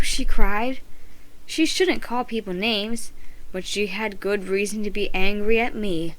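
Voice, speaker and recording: Expressive mom reading a storybook aloud. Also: female voice, mid-range voice, measured pace, rough recording. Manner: expressive, dramatic.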